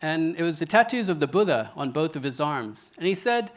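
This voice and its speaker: A man's voice: a little high, sing-song, brisk, hardly any pauses. Earnest man giving a stage talk. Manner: earnest storytelling with quoted dialogue. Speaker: speaker. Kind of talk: public talk. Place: stage before an audience.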